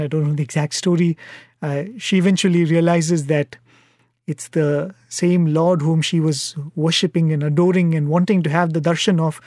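A man giving a devotional talk, telling a story in an earnest, unhurried way. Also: a little high, a little mellow, no room sound, studio quality. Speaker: devotional speaker.

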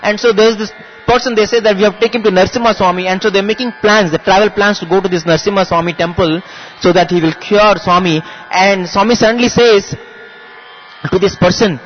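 A man's voice: sits high, normal speed, lo-fi sound, a little hiss or hum. A man earnestly telling a devotional story. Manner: earnest, shifts into acted voices and chanting.

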